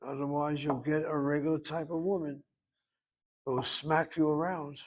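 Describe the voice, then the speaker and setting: A man with a somewhat high voice teaching a language class. He explains grammar patiently but wanders into side remarks, repeating words slowly for students to copy. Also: little pitch movement, dull audio. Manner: explanatory, digressive, drills pronunciation. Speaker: Hebrew teacher.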